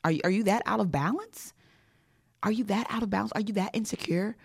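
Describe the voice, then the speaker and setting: A woman's voice: mid-range voice, a little fast, creaky, darkish tone, husky. Emphatic woman hosting a motivational podcast. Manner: emphatic, repetitive, rhetorical questions. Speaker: podcast host and leadership coach.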